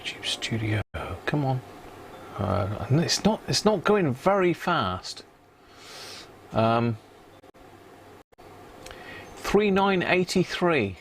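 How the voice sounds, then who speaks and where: A man's voice: on the high side, very animated, extremely slow, long pauses, a little hiss or hum. A man hosting a casual live stream, chatting with viewers and muttering to himself as he tests parts at an electronics workbench. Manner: chatty, answers live chat, mutters while testing parts. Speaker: live-stream host repairing a vintage radio. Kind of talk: casual live-stream chat while working.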